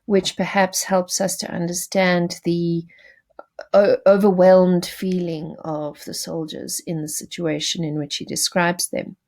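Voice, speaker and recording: Slightly slow and a little mellow, this woman's fairly low voice stays level in tone. In a recorded class, the teacher explains poetry to her students, speaking to them directly, sprinkling in fillers and fixing her own slips.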